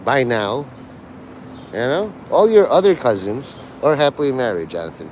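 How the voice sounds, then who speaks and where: A male streamer from New York City talks to his chat in an abrasive, taunting and erratic way. His pitch swings widely up and down. A faint hum of city traffic sits behind him on the street. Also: very animated, moderate pace, a little mellow, poor audio. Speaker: livestreamer talking to his chat. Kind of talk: rambling live-stream chat.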